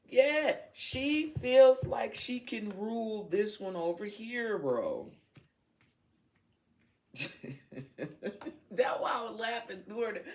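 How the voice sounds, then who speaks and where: Woman tarot reader, casual and unfiltered, swears, unhurried delivery. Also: lowish voice. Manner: frank, swears freely, laughs, talks to her viewers. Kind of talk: casual tarot reading to camera.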